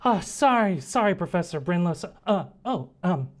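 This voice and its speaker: A nervous young woman student, put on by a man, her voice pushed high above his own. She stumbles over her words in a tabletop game. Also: very animated, normal speed. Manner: nervous, stammering. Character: shy bookish young woman student intern.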